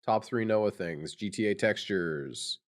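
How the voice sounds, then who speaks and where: A man co-hosting a podcast in casual chat, animated and teasing. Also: fairly low pitch, unhurried. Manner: animated, teasing, jumps into impressions. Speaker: podcast co-host.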